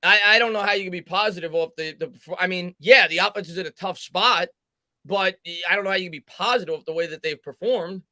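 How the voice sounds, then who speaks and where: A man hosts a live sports stream, calling plays and reading out viewer comments. His voice is high and bright. The sound is dry and close. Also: no room sound. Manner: fast commentary, reads viewer chat aloud, halting restarts. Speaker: host doing play-by-play.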